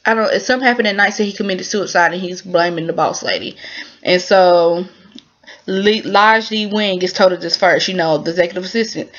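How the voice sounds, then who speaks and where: A woman giving a casual spoken recap of a drama episode, chatty and animated, with lots of fillers and quick asides. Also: fairly low pitch, muffled recording.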